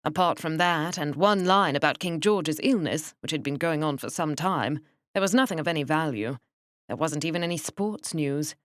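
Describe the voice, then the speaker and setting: A woman narrating a mystery audiobook in a measured, wry manner. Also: low voice, dry recording. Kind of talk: scripted narration.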